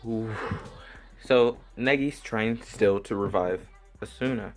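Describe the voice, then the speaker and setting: A man giving a casual anime review, retelling the plot in an excited, rambling way with many restarts. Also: on the low side, slow, faint music behind.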